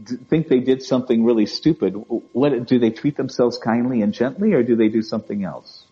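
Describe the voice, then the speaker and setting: A man speaking as a guest in a conversational interview. He talks gently, restarts his words and often checks in with "right?" and "you know?". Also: mid-range voice, fairly quick. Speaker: guest speaker on emotional wellbeing. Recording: dull lo-fi audio.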